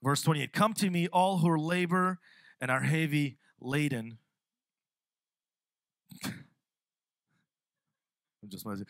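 A young man preaching a sermon in a church on a microphone, lively and quick to laugh, often repeating his words as he goes. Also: a little high, no room sound. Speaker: pastor. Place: church sanctuary. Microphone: handheld or stand mic.

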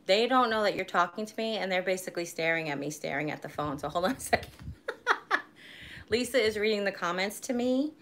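A woman's voice: mid-range voice, lively intonation, fairly quick, a bit bright, a little hiss or hum. A woman in her forties chatting casually on a live stream, rambling and laughing easily. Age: 40s. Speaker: vlogger hosting a live stream.

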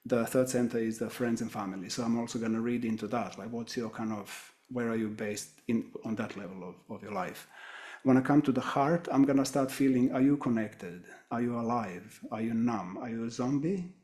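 Guy teaching a webinar, calm and reflective, firing off question after question, mid-pitched voice. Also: brisk.

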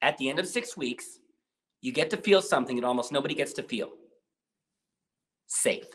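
A man as a guest on an interview podcast, talking in an animated, persuasive way and asking rhetorical questions. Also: medium pitch, moderate pace. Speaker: guest, program founder.

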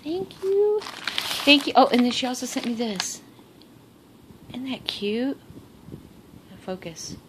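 She's a crafting vlogger unwrapping presents in her bedroom, talking slowly with long pauses in a voice on the high side. Excitable and gushing, she gasps and laughs often, and the phone recording picks up noise.

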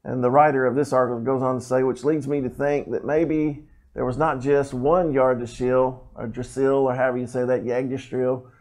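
Animated preacher man. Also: medium pitch, normal speed. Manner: animated, rising emphasis, explanatory asides. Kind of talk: sermon with scripture reading.

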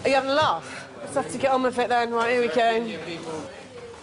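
Exasperated, lively woman. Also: fairly high pitch, normal speed, music in the background, a crowd in the background. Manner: exasperated, blunt, slangy. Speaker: hotel manager. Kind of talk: reality documentary, on-the-job talk. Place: busy hotel restaurant.

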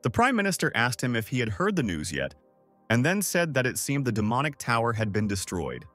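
A man's voice: medium pitch, very animated, brisk, fairly bright tone, faint music behind. A man narrating a comic recap in a scripted storytelling style.

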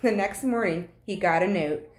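A woman teacher reading a picture book aloud to children, with expressive, animated storytelling. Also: mid-range voice, normal speed. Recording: echoey room.

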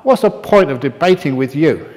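A man putting on a haughty professor, his voice jumping high and loud as he rages. The shouting rings out with a long hall echo. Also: lively intonation, moderate pace, natural voice. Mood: furious. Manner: shrill, indignant shouting. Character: arrogant male professor losing his temper. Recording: long reverb of a meditation hall.

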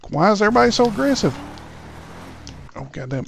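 A man's voice: sits high, expressive, a little fast, vocal fry, slight background noise. A man roleplaying in a video game, whining and indignant, repeating his complaints over and over. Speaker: roleplay streamer. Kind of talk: casual game roleplay banter.

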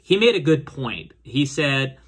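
A man's voice: very animated, measured pace, husky. A man casually recapping and reviewing a TV episode, rambling with lots of fillers and restarts. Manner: voices characters' lines with raised pitch. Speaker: show reviewer.

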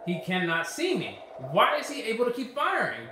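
A bright, high-voiced man narrates his own gameplay in a lively, swinging tone, swearing and shouting at the game in frustration. His voice rings in a very echoey room while game music plays faintly underneath. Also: moderate pace, noisy background. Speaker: gaming YouTuber. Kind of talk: let's play commentary.

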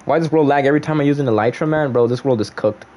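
A young man livestreaming a game, in casual commentary full of slang and banter, swinging from loud teasing outbursts to mock-solemn murmurs. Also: mid-range voice, racing, a little hiss or hum. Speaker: gaming livestreamer.

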